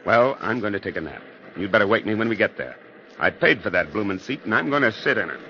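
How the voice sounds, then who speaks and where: A man's voice: fairly low pitch, animated, quick pace. An actor playing an impatient husband who scolds his frightened wife, in 1940s radio acting on a dull old recording. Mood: gruff. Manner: brusque, scolding. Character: impatient husband on a train, dismissive.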